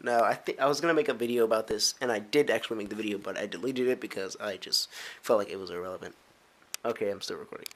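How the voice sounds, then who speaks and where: A young man in his teens, rambling casually to camera in a vlog, full of filler words, restarts and giggly asides. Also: medium pitch. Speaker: vlogger.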